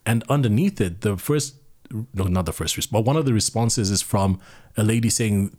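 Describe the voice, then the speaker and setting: A man hosting a podcast interview, eager and quick with "yeah, yeah" responses. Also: fairly low pitch, lively intonation, a little mellow. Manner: eager, with frequent "yeah, yeah" backchannels. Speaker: podcast host.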